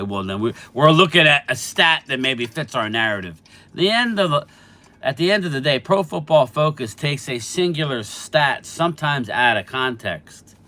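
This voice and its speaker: A man's voice: mid-range voice, bright, forceful tone. A middle-aged man casually hosting a live stream, chatting about football and answering viewers by name, a bit stuffy from allergies. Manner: chatty, reads out viewer names and replies. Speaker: sports channel host answering live chat.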